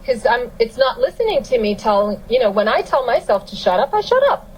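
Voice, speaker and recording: A woman telling a personal story in a casual, animated and emphatic way. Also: a little high, fairly quick, a little hiss or hum, rough recording.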